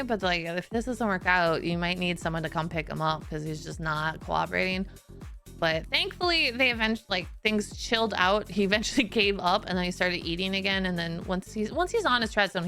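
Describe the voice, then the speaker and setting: A woman's voice: mid-range voice, bright, forceful tone. A woman streamer telling stories in a casual chat, leaning on "like" as she talks and laughing often. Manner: chatty and storytelling, laughs often, many "like" fillers.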